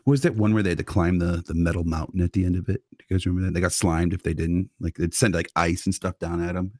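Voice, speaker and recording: A man's voice: sits low, little pitch movement, fast talker, a little mellow, dry recording, clean studio sound. A man co-hosting a podcast, asking questions and joking in loose casual chat. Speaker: podcast co-host.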